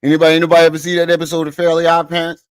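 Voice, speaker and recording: A man's voice: on the high side, completely flat delivery, racing, clear, resonant tone. Chill guy talking to his stream from home, swears a lot, laughs it off, dry no-echo sound. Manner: profane, laid-back, laughs at himself while reading comments. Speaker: livestream host. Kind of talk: casual livestream chat with viewers. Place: his living room at home.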